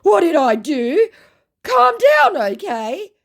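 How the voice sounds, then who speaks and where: A woman's voice: very high voice, takes it slowly, gravelly, voice pushed up, heavily acted. A woman voicing a clingy, pleading male online scammer, whining and repeating himself as she reads his chat messages aloud. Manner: whiny, repeating "calm down, okay".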